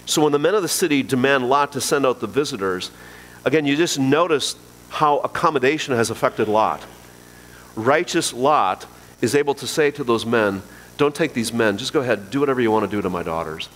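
A man preaching a sermon to his congregation, earnest and emphatic, repeating key phrases. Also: medium pitch. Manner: earnest, emphatic repetition, addresses congregation directly. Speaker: pastor. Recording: long hall reverb.

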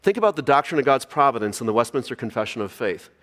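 A man's voice: mid-range voice, very animated, fast talker, a bit bright, long reverb tail. A man preaching a sermon, reading scripture aloud and asking the congregation rhetorical questions. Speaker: pastor.

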